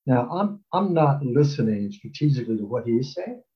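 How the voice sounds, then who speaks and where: An older man with a mid-range voice rambles through a personal anecdote about his college recruitment, very animated and brisk. He uses fillers and acts out quotes, and the sound is lo-fi.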